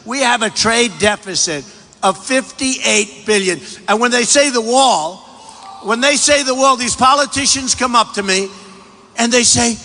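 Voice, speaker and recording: A man gives a campaign rally speech in a big hall, repeating his points and bragging. His voice sits high and comes out sharp and tense. Long arena reverb trails every phrase over a faint background hiss. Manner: repetitive, emphatic, boastful, with shouted asides. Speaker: political candidate. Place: large indoor rally venue.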